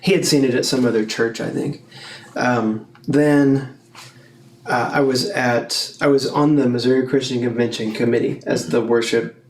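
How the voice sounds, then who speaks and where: A man's voice: medium pitch, steady tone, normal speed. Chatty man in an echoey church studio. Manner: rambling, self-correcting, chuckles often. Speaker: church staff member, podcast regular. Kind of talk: casual podcast chat.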